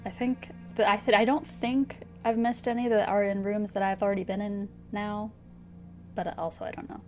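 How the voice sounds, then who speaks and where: A woman streamer casually thinking aloud over a puzzle game, hesitant and giggly, with soft music behind. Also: mid-range voice, fairly even intonation, moderate pace. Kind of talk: casual gameplay commentary. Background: soft background music.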